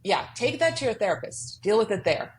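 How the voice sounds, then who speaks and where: A woman's voice: medium pitch, sing-song, a little fast, slight background noise, rough recording. A woman guest on a podcast, telling a personal story earnestly and emphatically, acting out the voices in her head. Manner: earnest, emphatic, acts out quoted inner voices. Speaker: guest author. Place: podcast studio.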